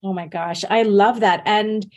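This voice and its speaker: A woman's voice: medium pitch, fairly even intonation, unhurried, darkish tone. A woman hosting a podcast, responding to her guest in an effusive, affirming way. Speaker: podcast host. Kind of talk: casual interview chat.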